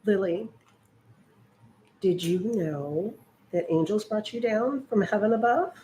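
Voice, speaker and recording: A woman's voice: mid-range voice, slow, mellow, slight background noise. A middle-aged woman chatting casually while she crafts, often slipping into cooing baby talk with her dog. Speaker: art journaling vlogger.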